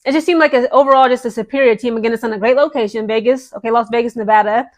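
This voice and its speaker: A woman vlogging casual basketball gossip commentary, animated and peppered with "okay?". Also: a little high, rapid-fire. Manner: animated, repeats "okay?" often.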